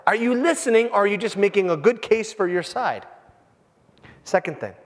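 Man in his fifties, pastor's sermon, lively swooping delivery, jokes with the congregation, long hall reverb. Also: sits high, moderate pace. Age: 50s. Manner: animated, jokey, talks straight to the congregation. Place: church with a congregation.

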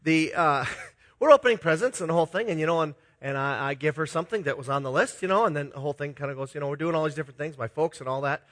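Speaking fast in a fairly high, fairly bright voice, a middle-aged Minnesota man preaches a sermon built on personal stories. He's a pastor who pokes fun at himself, confesses, and chuckles while storytelling.

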